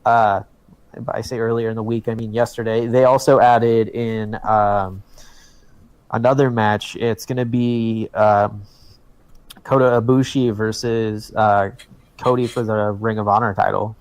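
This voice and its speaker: A man co-hosting a wrestling podcast in casual chat, talking in an excitable, emphatic way and swearing freely. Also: lowish voice, unhurried, smooth. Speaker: podcast co-host.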